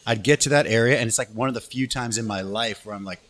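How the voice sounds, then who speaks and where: Speaking quickly at medium pitch, this Canadian man is a radio DJ guest telling a story. The interview is casual, his delivery animated and his talk laid-back and slangy.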